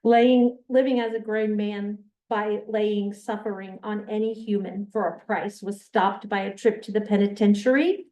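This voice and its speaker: A woman's voice: medium pitch, steady tone, normal speed, few pauses, dark tone, muffled recording. A woman leading a book discussion, reading a novel aloud and then talking it over in an earnest, emphatic way. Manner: earnest, emphatic, checks listeners follow. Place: classroom or church meeting room. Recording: echoey room, mic far off.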